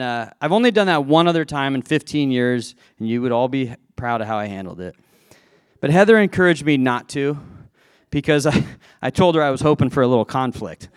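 A man's voice: mid-range voice, expressive, moderate pace, clean tone, no room sound, studio quality. A man telling a self-deprecating personal story to a live audience, chatty, laughing at himself and restarting his sentences. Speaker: speaker addressing a live audience.

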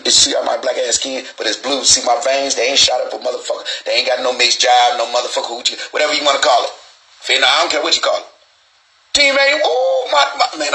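Male host, casual profane monologue, bright piercing voice. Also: mid-range voice, rough recording. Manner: rambling, profane street slang. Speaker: show host. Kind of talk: casual live-stream monologue.

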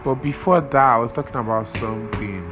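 A man's voice: mid-range voice, brisk, over music, low-quality recording. A young man hosting a podcast, rambling casually, swearing often and losing his train of thought while he has a cold. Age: young adult. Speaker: podcast host.

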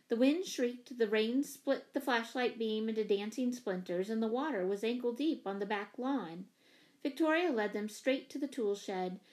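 A woman narrating a children's story in an even, expressive reading. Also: medium pitch. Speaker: audiobook reader. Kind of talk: scripted narration.

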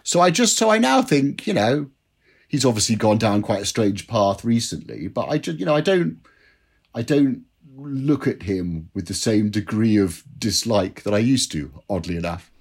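A man from England, a writer being interviewed, telling stories in an animated, self-deprecating way with lots of "you know". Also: on the low side, normal speed, vocal fry, slightly rough. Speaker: guest, drinks writer. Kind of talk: conversational interview answers.

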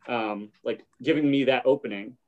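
A man recaps a show scene in casual conversation, trailing off into fillers and acting out short bits of dialogue. His voice sits at a middle pitch. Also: measured pace, narrow, tinny audio. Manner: retells scenes, briefly acting out lines. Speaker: podcast host.

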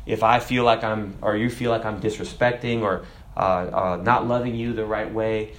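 A man delivers a sermon with an animated, emphatic energy. His voice has a bright, forceful edge. He keeps the talk conversational, throwing questions out to his listeners. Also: lowish voice, moderate pace, a little hiss or hum. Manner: conversational, asks the audience questions. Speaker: preacher.

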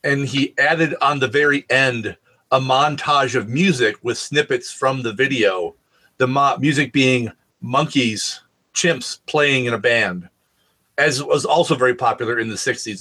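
A man's voice: mid-range voice, measured pace, bright, forceful tone, slightly rough. A man co-hosting a podcast, telling rambling anecdotes in casual chat and swearing freely. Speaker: podcast co-host.

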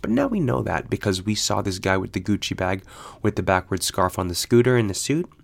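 Man, casual solo chat, animated, swears a lot, laughs often, lowish pitch. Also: brisk, creaky. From United States. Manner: animated, profane storytelling with frequent laughs.

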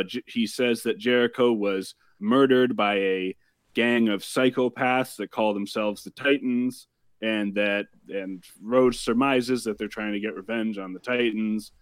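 A man hosting a casual podcast, recapping a TV episode in a wry, deadpan way. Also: mid-range voice, measured pace, clean tone, no echo, studio quality. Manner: wry, deadpan summarizing with profanity.

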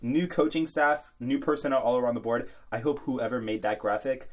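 A man's voice: medium pitch, fairly even intonation, brisk. Young man joking through sports chat. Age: young adult. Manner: joking, rambling storyteller. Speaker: podcast co-host. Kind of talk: casual college sports chat.

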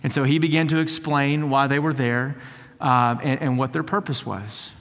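A man's voice: medium pitch, steady tone, moderate pace, fairly bright tone. A man, a lead teaching pastor, preaching a sermon in a conversational storytelling way that builds to fervent emphasis, with frequent repeated words. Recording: long hall reverb.

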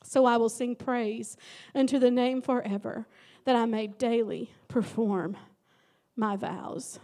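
High-voiced woman pastor preaching. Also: steady tone, slow pace. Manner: emotional, dramatic storytelling with sudden loud emphasis. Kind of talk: sermon.

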